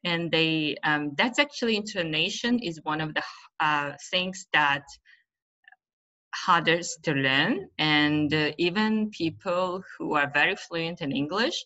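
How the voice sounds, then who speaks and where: A woman gives an online webinar on teaching. She talks slowly in a low, bright voice and often stops to search for a word. The call audio is muffled and lo-fi. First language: Uzbek. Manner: hesitant, many fillers, loses her thread. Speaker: webinar presenter, teacher trainer.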